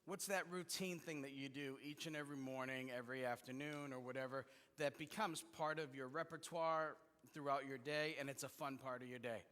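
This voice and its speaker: A man's voice: medium pitch, fairly even intonation, brisk, hardly any pauses, fairly bright tone. A male pastor preaching a sermon in a conversational, joking manner, with fillers and restarts. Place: church sanctuary. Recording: long reverb in a church hall.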